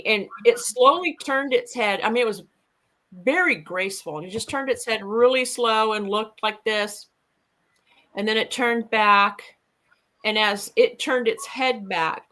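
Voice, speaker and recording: A woman's voice: mid-range voice, a bit bright, low-quality recording. A woman guest earnestly recounting an outdoor encounter in a casual, rambling way. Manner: earnest, rambling, with fillers and restarts.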